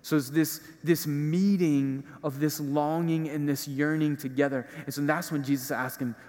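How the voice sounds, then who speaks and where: A man's voice: on the high side, steady tone, moderate pace, a little mellow. A male preacher giving a conversational homily in a church, using casual fillers as he explains. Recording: reverberant hall.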